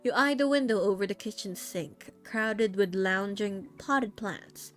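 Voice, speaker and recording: A young woman streaming, reading a story game aloud in an unhurried storybook manner with casual asides. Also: medium pitch, soft background music.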